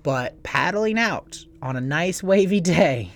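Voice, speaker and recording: A man in his thirties co-hosting a casual chat, telling crude, profane stories with big animated swings. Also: on the high side, slow, gravelly. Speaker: podcast co-host.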